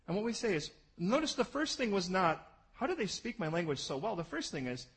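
Pastor guy preaching, husky and kinda high, jokey, goes loud then drops way down. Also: fast, hardly any pauses, rough recording. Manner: animated, jokey, swings from loud bursts to low asides. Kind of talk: sermon.

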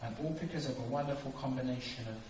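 A man preaching a sermon, acting out dialogue and swinging from quiet reflection to loud, animated storytelling. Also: medium pitch, quick pace. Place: church hall. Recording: echoey hall, distant mic, noisy.

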